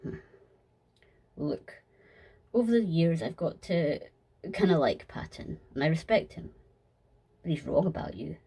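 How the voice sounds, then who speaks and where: A woman voicing a gloomy, blunt young man who grumbles flatly in a fan audio sketch. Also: low-pitched, a little slow, pauses often, breathy edge, heavily acted. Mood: grumpy.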